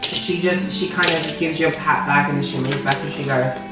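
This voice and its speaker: A woman's voice: sits low, fairly even intonation, a little fast. A woman with an Australian accent narrating a tabletop game as game master, in a loose, rambling way. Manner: loose and rambling, frequent restarts. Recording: distant roomy sound with background music.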